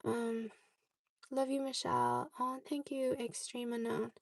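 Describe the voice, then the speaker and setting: A woman's voice: fairly high pitch, flat delivery, a little slow, gravelly, slight background noise. A young woman vlogger chatting casually, answering viewer questions and often checking in with "okay?". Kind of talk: casual chat.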